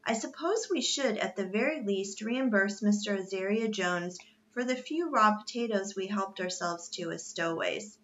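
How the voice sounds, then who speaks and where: A woman's voice: medium pitch, normal speed, few pauses, a bit bright, dull audio, natural voice. A woman voicing a proper, unflappable male butler who speaks politely and formally in a storybook reading. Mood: gently reassuring.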